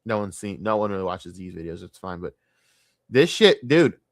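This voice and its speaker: A young man streaming a casual, profane and rambling sports rant, talking excitedly. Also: low-pitched, normal speed, no echo, studio quality.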